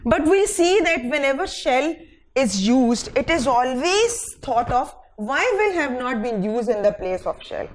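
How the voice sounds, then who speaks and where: Female grammar lecturer, Pakistani English accent, high voice, unhurried dictating delivery, says "fine" between points. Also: sing-song, low-quality recording. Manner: slow, deliberate, dictates example sentences word by word. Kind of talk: recorded classroom lecture.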